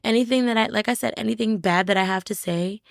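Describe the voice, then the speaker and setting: Gravelly-voiced woman opening up. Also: mid-range voice, fast, no echo, studio quality. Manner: reflective, open, speaks in short restarting phrases. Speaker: podcast guest. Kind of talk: candid conversational interview.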